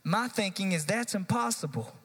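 An animated youth pastor preaching to his congregation, his fairly high voice climbing as he stacks up repeated phrases. The sound rings with a long reverb that carries across the church hall. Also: normal speed, husky. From United States. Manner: animated, rising to emphatic repeated lines. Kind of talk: live sermon. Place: church sanctuary.

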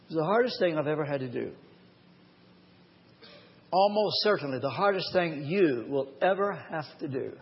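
A man preaching a live sermon in a church, telling a personal story earnestly and slowing down to stress key phrases. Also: fairly high pitch, animated. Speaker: pastor. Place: church or large hall, live. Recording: long hall reverb, dull lo-fi sound.

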